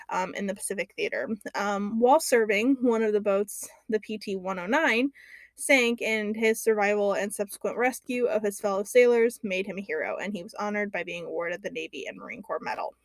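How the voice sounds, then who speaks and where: A woman's voice: medium pitch, no echo. A young woman hosting a casual podcast, chatty and loose, with frequent ums and casual swearing. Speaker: podcast host.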